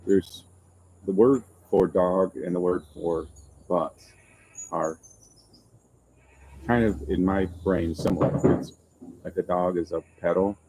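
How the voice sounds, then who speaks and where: A man hosting a casual live chat for his channel, rambling and self-deprecating, with halting restarts. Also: low voice, dark tone, a little hiss or hum, poor audio. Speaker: YouTube channel host. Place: open-air restaurant overlooking the ocean.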